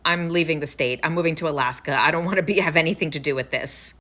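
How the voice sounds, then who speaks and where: A woman's voice: sits low, fast talker, sharp tone, pitched below the performer's own voice. A woman acting as a frightened woman refusing. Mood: scared. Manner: anxious, insistent.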